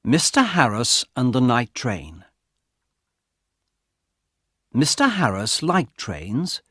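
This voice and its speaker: Slow, lively male storybook narrator. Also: mid-range voice, breathy edge, dry recording, clean studio sound. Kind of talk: audiobook narration of a graded reader.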